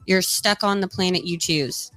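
A woman's voice: fairly low pitch, normal speed, a bit bright, faint music behind, rough recording. Playful giggly woman co-host. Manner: playful, giggly, teasing questions. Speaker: radio show co-host. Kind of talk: casual morning show banter.

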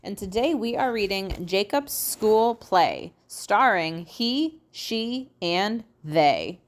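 A woman reading a children's storybook aloud in an expressive, sing-song way. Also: medium pitch, slow. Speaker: storybook reader. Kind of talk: children's read-aloud narration.

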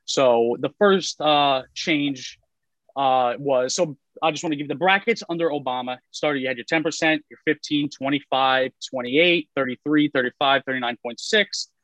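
A man's voice: mid-range voice, moderate pace, fairly bright tone, dry recording, low-quality recording. A man who works in taxes explains tax brackets in casual chat, with many fillers like "uh" and "like". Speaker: tax professional guest.

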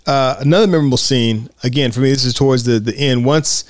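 A man's voice: mid-range voice, fast talker, no room sound, clean studio sound. A man hosting a podcast, talking enthusiastically and a bit rambly about a movie, full of fillers and restarts. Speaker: podcast host. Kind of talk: casual film discussion.

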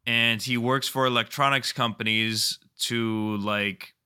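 Man, very bright sharp voice, casual podcast storytelling, animated, swears a lot, laughs mid-story. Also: mid-range voice, takes it slowly, clear, resonant tone. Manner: animated, profane, laughs while telling stories. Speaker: podcast co-host.

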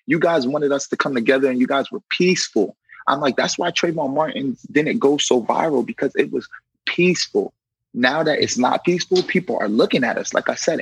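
Young man, gravelly, husky, casual storytelling, acts out quotes, conversational. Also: mid-range voice, no echo, rough recording. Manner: animated, acts out quoted dialogue; conversational, frequent "you know". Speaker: correctional officer.

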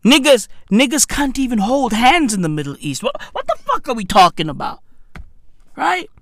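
High-pitched gravelly man ranting slowly. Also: wildly swooping pitch, dry recording, clean studio sound. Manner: repeats "right?" constantly, swings from loud outbursts to low mutters. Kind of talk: profane rambling rant.

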